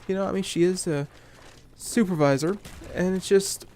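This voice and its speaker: A young gaming video creator tells a story casually over gameplay, ranting and swearing with plenty of fillers and restarts. His voice sits high with a dark tone at a normal speed, and game gunfire plus slight noise play behind him.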